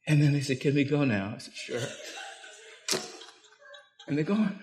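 Older man, preacher, storytelling sermon, loud to hushed swings, fairly high voice. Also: animated, moderate pace, long pauses.

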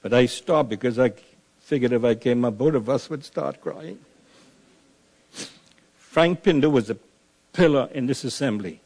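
A man delivering a funeral eulogy, measured and solemn, building to emphatic preaching. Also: mid-range voice, creaky, darkish tone.

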